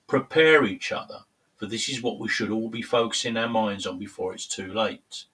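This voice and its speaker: A man with a Cockney accent and a cold, reading a prepared political monologue in a measured, formal, grave manner. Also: lowish voice, steady tone, a bit bright, recorded from a distance, low-quality recording. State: has a cold. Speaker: political commentary host.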